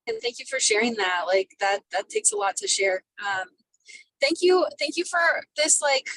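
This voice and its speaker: A woman's voice: high-pitched, sing-song, moderate pace, no room sound. A woman taking part in a workshop, speaking gratefully and thoughtfully, with many fillers. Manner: warm, grateful and thoughtful, with many likes and ums. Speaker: workshop participant. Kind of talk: casual conversation on a video call.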